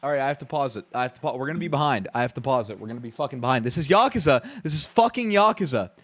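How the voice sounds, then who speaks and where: A man's voice: medium pitch, animated, very fast, fairly bright tone, no echo. Rambling, profane man streaming at home. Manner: rambling, profane, repeats himself when worked up. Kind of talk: casual live-stream reaction.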